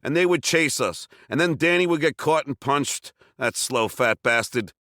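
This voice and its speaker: A man from Long Island reading his own memoir aloud, telling it with wry, self-mocking humor and bursts of shouted dialogue. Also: medium pitch, lively intonation, normal speed, dry recording, studio quality. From Long Island, New York. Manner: wry, self-mocking comic storytelling with sudden shouted quotes. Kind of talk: audiobook memoir narration.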